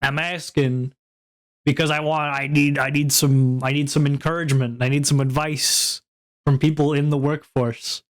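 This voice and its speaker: A young man streams as a VTuber, chatting casually and rambling to his viewers while laughing often and swearing. His voice is a little high, his tone level, and he speaks at a normal speed.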